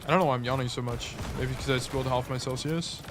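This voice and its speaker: A man's voice: mid-range voice, fairly even intonation, quick pace, background noise. A man coaching a player through gameplay footage in a casual, blunt way, often repeating short commands. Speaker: game coach.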